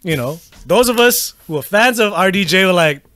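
A man co-hosting a casual film chat, animated and swearing freely as he acts out reactions. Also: high voice, moderate pace, no echo.

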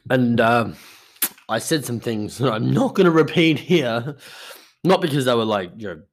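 Young guy rambling on his podcast, swears a lot, mid pitch. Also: animated, normal speed. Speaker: podcast host. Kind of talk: casual monologue.

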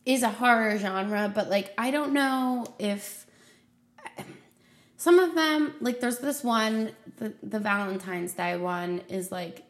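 A woman's voice: mid-range voice, lively intonation, takes it slowly. A young woman hosting a podcast, chatting casually and rambling with lots of "like"s. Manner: rambling, filler-heavy with many "like"s. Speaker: podcast host.

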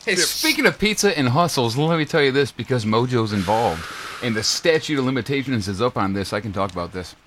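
A man's voice: mid-range voice, lively intonation, a little fast, a bit bright, slight background noise. A man, a podcast co-host, telling wry, profane stories in a laid-back, casual chat. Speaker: podcast co-host, former pizza worker.

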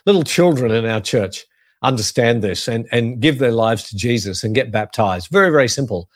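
A man preaching as a pastor, earnest and measured, leaning on key phrases for emphasis. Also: medium pitch, lively intonation, dry recording, studio quality. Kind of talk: sermon-style teaching.

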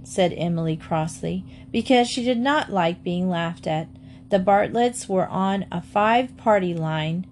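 A woman narrates a children's book at a mid-range pitch, with steady, measured storytelling. Her delivery is clear and even, suited to an audiobook. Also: a little hiss or hum.

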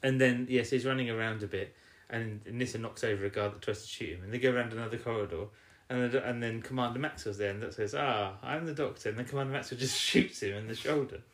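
A man's voice: medium pitch, quick pace, hardly any pauses, a bit bright, echoey room. A man co-hosting a podcast, recapping an episode in casual, rambling chat with teasing jokes.

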